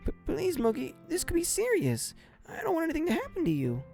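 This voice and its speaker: A man's voice: very high-pitched, huge pitch swings, fairly quick, gravelly, a little mellow, soft background music, pitched above the performer's own voice, heavily acted. A man voicing a shy, anxious young woman in a visual novel read-aloud, stuttering on nearly every word. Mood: pleading, worried.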